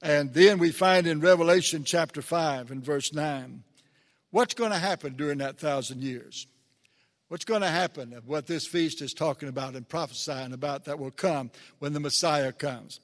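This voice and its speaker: A man's voice: on the high side, normal speed. A man preaching a sermon, earnest and rising to emphatic peaks when he reads scripture. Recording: long reverb of a large hall.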